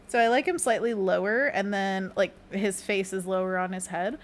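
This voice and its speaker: A woman with a mid-range voice hosts an art livestream, bubbly and giggly as she draws, chatting casually and reading her chat aloud. Faint music plays in the background, along with slight noise.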